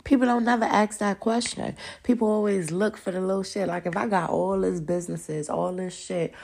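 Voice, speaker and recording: A woman hosting a podcast, talking bluntly and profanely straight to her listeners, animated and often laughing. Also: mid-range voice, normal speed, creaky. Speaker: podcast host. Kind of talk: casual chat, open discussion monologue.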